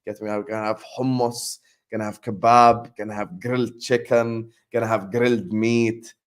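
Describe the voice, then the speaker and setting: A man hosting a casual football livestream, thanking viewers by name in an excited, chatty way. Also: on the low side, normal speed. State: sleepy, yawning. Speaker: host.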